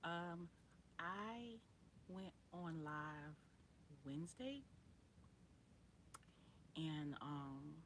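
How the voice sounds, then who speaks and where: A woman hosting a casual livestream, rambling in relaxed slang and greeting viewers by name. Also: sits low, very slow, pauses often, slight background noise. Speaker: livestream host.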